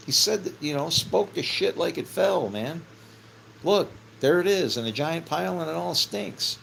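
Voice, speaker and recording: A man's voice: fairly high pitch, very animated, normal speed, creaky, fairly bright tone, a little hiss or hum, low-quality recording. A middle-aged man musing casually on faith, rambling, often laughing and swearing offhand. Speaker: vlogger.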